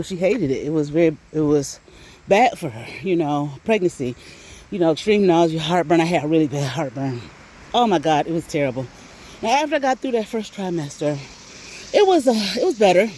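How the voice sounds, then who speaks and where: A middle-aged woman chatting casually, animated and laughing often, with frequent swearing, while out on a walk. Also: lowish voice, a little fast, slight background noise. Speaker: vlogger. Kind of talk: casual storytelling chat. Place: outdoors on a walk.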